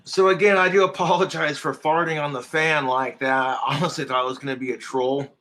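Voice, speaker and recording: Man, bright tense voice, crude swearing rant, comedic streamer. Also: a little high, fairly even intonation, fairly quick, faint music behind.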